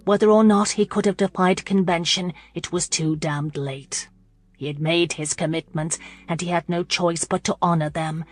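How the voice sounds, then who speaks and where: A woman narrating a romance audiobook in a measured, steady reading voice. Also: fairly low pitch. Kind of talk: scripted narration.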